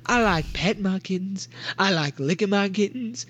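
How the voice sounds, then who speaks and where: A man's voice: high voice, normal speed, fairly bright tone, pitched above the performer's own voice. A man voicing a big, clingy schoolboy in a trench coat who adores kittens, talking in an eager, gushing way.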